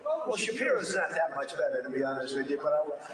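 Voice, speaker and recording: A man's voice: on the high side, sing-song, fast, a loud crowd. An older man giving an off-the-cuff political speech, rambling and repeating himself as he digresses. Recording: distant echoey room with background noise.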